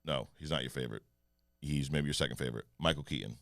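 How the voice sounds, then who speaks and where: A man co-hosting a podcast in casual, animated chat, joking and mimicking voices. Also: rumbling low, quick pace, creaky, dry recording, studio quality. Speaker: podcast co-host.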